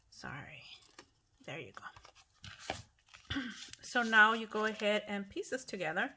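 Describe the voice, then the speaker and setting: A woman's voice: mid-range voice, lively intonation, slow pace, pauses often, noisy background. A middle-aged woman hosting a casual craft tutorial at home, chatty and apologetic, often restarting her sentences. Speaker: craft channel host.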